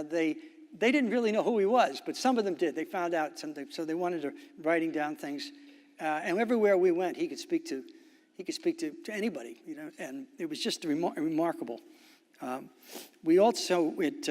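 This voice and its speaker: An older man giving a halting, anecdotal speech as guest of honor at a luncheon, full of fillers and restarts. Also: on the high side. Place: banquet hall. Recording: long reverb of a hall.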